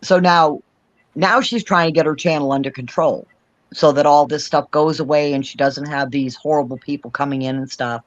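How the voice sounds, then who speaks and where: A man's voice: fairly high pitch, steady tone, moderate pace, no echo, lo-fi sound. A man from Cape Cod with a mixed Boston, Florida and Alabama accent, telling stories in casual chat and laughing often. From Cape Cod, Massachusetts.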